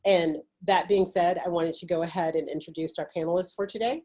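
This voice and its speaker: A woman's voice: on the low side, fairly even intonation, a little fast, dark tone, poor audio. A woman with a Southern US accent moderating a webinar, introducing panelists with hesitant, filler-heavy speech. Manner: hesitant, many fillers, apologetic. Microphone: video call.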